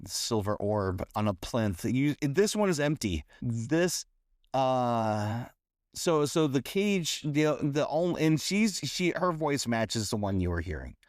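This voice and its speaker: A man narrates a tabletop game as game master, feeling his way through descriptions with restarts. His voice sits at an ordinary pitch. The recording is dry and close. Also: sing-song, dry recording. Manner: halting, many fillers and restarts while describing.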